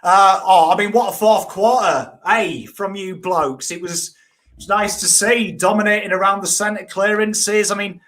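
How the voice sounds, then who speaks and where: A man's voice: high-pitched, measured pace, a bit bright. A man co-hosting a casual footy chat, dry and teasing, with a lot of "I mean" fillers. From England. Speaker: co-host.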